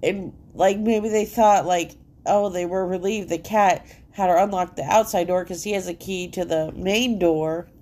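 A woman's voice: fairly low pitch, fairly even intonation, normal speed, few pauses, mellow. Profane rambling woman with a stuffy nose. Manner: profane, rambling, heavy filler "like". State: congested nose. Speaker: solo podcast host. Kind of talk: casual rambling monologue. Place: at home.

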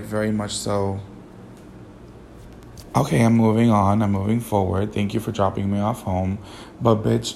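A man's voice: fairly low pitch, gravelly, a little mellow, a little hiss or hum, rough recording. A man hosting a podcast, telling a personal story in a sassy, slang-heavy casual monologue. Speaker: podcast host.

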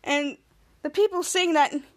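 A woman's voice: high-pitched, normal speed. A woman podcast host casually retelling a TV episode scene by scene, rambling and restarting often.

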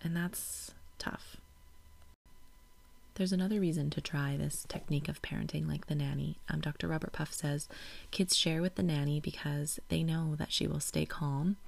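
A woman's voice: low-pitched, vocal fry, darkish tone. A woman in her thirties hosting a parenting podcast, talking reflectively in a casual solo way. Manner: reflective, gets emotional and laughs it off.

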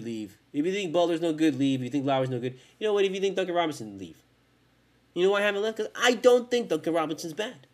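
Profane ranting man, tired host. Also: on the high side. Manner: profane, rambling, heated. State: tired, late at night. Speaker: sports fan podcast host. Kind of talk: casual rant.

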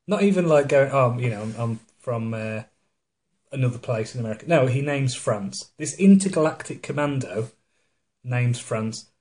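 A man co-hosting a podcast, chatting casually about a film. He retells scenes mockingly, slipping into silly voices. His voice sits at an ordinary middle pitch. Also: animated, normal speed, a little mellow. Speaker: podcast co-host. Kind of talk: casual chat. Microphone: studio microphone.

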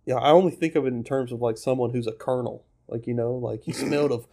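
A man's voice: medium pitch, fast, mellow. A man from the South, an opinionated, blunt co-host in casual chat. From American South. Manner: opinionated, blunt, puts on mocking voices.

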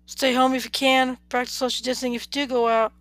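A podcast host reading a romance story aloud in an unhurried, even way, with small slips now and then. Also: high-pitched, dry recording, rough recording. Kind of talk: plain read-aloud narration.

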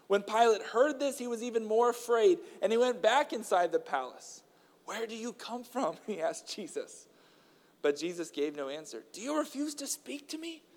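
A man's voice: high voice, in a large hall. A man preaching a sermon, chatting casually with fillers between stretches of emphatic scripture reading aloud.

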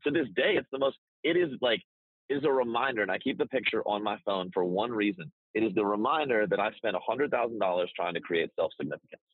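男性 電話のような音質の、かすれた低めの声. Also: male voice, on the low side, fast, breathy edge, no room sound, narrow, tinny audio. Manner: blunt, profane, animated storytelling. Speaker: business coach. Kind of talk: casual podcast chat.

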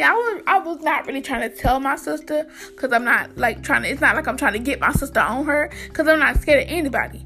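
Young woman, high voice, casual storytime vlog, chatty, slangy, talks to viewers, faint background music. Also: expressive, fairly quick, few pauses, sharp tone. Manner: chatty, addresses viewers as y'all, slangy retelling. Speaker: vlogger.

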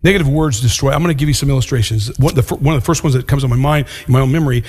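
An older man preaching a sermon as a pastor, earnest and deliberate, slowing down to stress key words. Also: medium pitch, darkish tone, slightly rough. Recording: long hall reverb.

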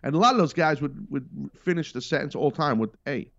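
A man's voice: a little high, expressive, fast talker, creaky, fairly bright tone, no room sound, dull audio. A middle-aged man hosting a podcast in a casual, rambling monologue. He talks emphatically and repeats his points. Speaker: podcast host.

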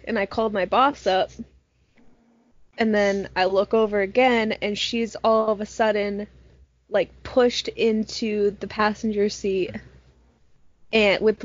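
A young woman chatting casually with friends and telling an animated story, swearing freely. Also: mid-range voice, unhurried, no room sound. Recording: muffled lo-fi sound, dry.

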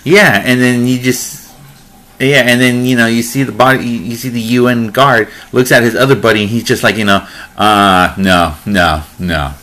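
A man chatting casually about movies, telling stories in a relaxed, rambling way. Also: mid-range voice, fairly quick. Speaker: movie reviewer.

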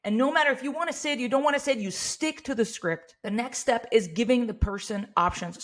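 A woman's voice: on the high side, fast talker, hardly any pauses. A middle-aged woman and business owner coaching her staff on handling angry customers, earnest and encouraging, now and then acting out polite service phrases. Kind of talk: workplace training talk.

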